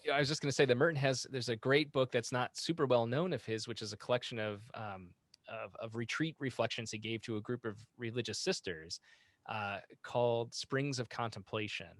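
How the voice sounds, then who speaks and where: An animated man in the role of a friar and guest author, speaking in a mid-pitched voice. He explains quickly and laughs easily. The recording is dry and close. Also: no echo. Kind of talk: casual chat.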